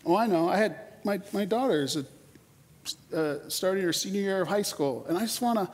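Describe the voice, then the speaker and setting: A man in his forties preaching a sermon in a church, conversational and animated, often repeating words as he starts a sentence. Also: sits high, fairly quick. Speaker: pastor. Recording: long hall reverb.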